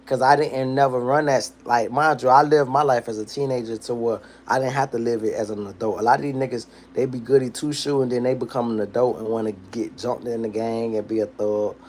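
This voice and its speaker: A man's voice: medium pitch, brisk, hardly any pauses, a little hiss or hum. A young man hosting a livestream, casually telling a long profane story and acting out the people in it. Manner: animated, profane street storytelling, acts out quotes. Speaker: livestream host.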